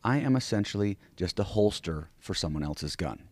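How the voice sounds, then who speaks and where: A man with a very deep voice that rises and falls a lot chats on a podcast. He speaks in bursts, stopping to restart and adding "right?" to his points. The recording is dry and close. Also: normal speed, no room sound. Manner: animated, many restarts and tag questions. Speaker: podcast co-host; self-defense instructor. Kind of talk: casual chat.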